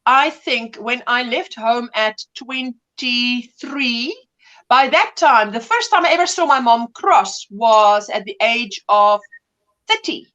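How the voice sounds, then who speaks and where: High-voiced chatty woman in her fifties. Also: animated, takes it slowly, fairly bright tone, lo-fi sound. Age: 50s. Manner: chatty, laughs often, drifts between greetings and stories. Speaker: livestream host. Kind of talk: casual chat reading viewer comments.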